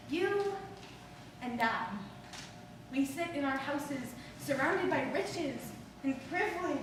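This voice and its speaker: A woman's voice: high-pitched, fairly bright tone. A woman performing a theatrical monologue as a restless, emotional woman, telling her story in a charged, confessional way. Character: restless, ungrateful woman stranded waiting, emotional. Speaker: stage actor performing a monologue. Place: theater stage. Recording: distant echoey hall recording with background noise.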